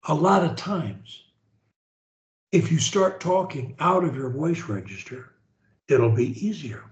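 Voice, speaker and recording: A man's voice: expressive, roomy sound. Emphatic man with a swooping voice. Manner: emphatic, slow modeling of phrases, swoops up and down in pitch. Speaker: speech therapist. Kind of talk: speech therapy session.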